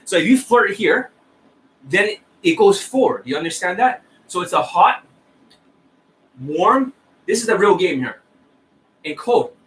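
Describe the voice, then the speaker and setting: A man's voice: high-pitched, sing-song, a little slow, long pauses, a bit bright, rough recording. Scornful, foul-mouthed man ranting. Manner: profane, scornful, insulting; repeats "right?" and "you see that?". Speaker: dating coach. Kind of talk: ranting coaching monologue.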